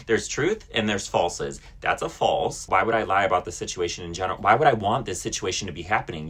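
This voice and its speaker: A man with a low, husky voice tells a storytime rant straight to camera. He is blunt and indignant, swears freely and leans on "like" as a filler. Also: a bit bright. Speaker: vlogger.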